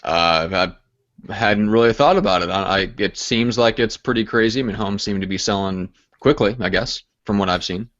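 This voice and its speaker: A co-host in casual video-call chat, asking curious follow-up questions. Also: male voice, on the low side, normal speed, fairly bright tone, no room sound. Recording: dull lo-fi sound.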